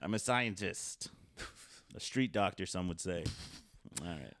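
A man's voice: deep voice, lively intonation, a little slow, a bit bright, no room sound. A man, a comedian guest on a podcast, chatting casually and joking in a self-deprecating way.

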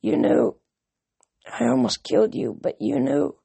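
A woman voicing a dying young man, gasping and croaking as she reads a novel aloud. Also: fairly high pitch, animated, measured pace, dark tone, pitched above the performer's own voice, exaggerated voice. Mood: pleading, weak. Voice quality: raspy, croaking.

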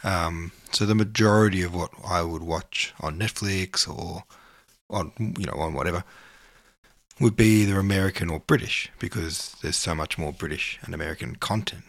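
Deep-voiced Australian man, dry close sound. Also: normal speed, gravelly, dry recording. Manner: rambling, reading listener comments aloud. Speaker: podcast host. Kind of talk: casual chat.

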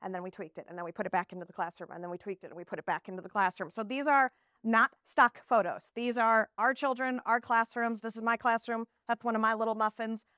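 Animated woman, higher voice, teacher energy. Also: quick pace, dry recording, studio quality. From Texas. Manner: animated, slips into playful teacher talk to small children. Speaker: early childhood teacher presenting. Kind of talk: live conference presentation.

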